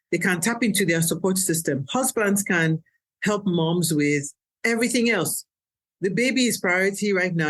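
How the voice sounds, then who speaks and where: A woman pediatrician, a guest on an educational podcast, explaining newborn care in a calm, practical way. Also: on the low side.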